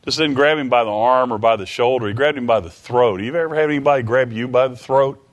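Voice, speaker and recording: A man preaching a sermon in a voice of middling pitch. He retells a scripture story, acting out pleading lines and putting rhetorical questions to his listeners. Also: fast.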